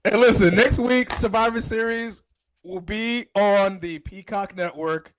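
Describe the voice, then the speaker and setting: A man's voice: high voice, a little slow, a bit bright, dry recording. A man co-hosting a podcast in casual banter. He is laid-back and laughs easily while he defends himself. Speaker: podcast co-host.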